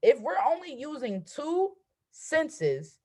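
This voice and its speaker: A woman's voice: sits high, very animated, slow, darkish tone. A woman in her twenties, a trading coach hosting a motivational live stream over a video call, talking emphatically and asking "right?" at every turn. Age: 20s.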